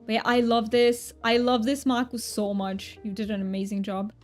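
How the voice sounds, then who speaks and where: Faint music sits behind a woman whose voice is a little high as she plays a game on stream. Her casual chatter with her party is excitable and delighted, punctuated by quick gasps.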